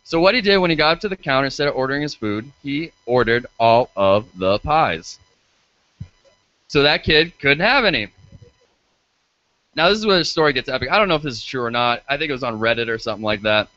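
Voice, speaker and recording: A man's voice: a little high, quick pace, sharp tone, no room sound. A man doing a live stand-up set in a bar, swearing freely and teasing himself and the crowd. He talks on a handheld stage mic. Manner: crude, profane, self-deprecating banter with the crowd. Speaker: stand-up comedian and radio show host. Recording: dull lo-fi live stream audio.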